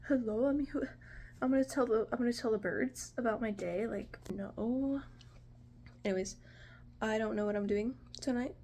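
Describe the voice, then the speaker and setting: Young woman vlogging from her apartment, rambles a lot, kinda high voice, faint room hum behind. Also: moderate pace, mellow. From United States. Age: 20s. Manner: rambling and chatty, full of "like" and "you know". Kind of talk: casual vlog chat. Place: home apartment.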